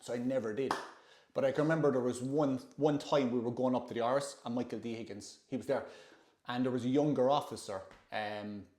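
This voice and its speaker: An Irish man telling stories in relaxed, chatty conversation, at a middling pitch. The room gives his voice a roomy echo. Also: a little fast, slight background noise. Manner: chatty, anecdotal. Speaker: host, former soldier. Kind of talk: casual chat.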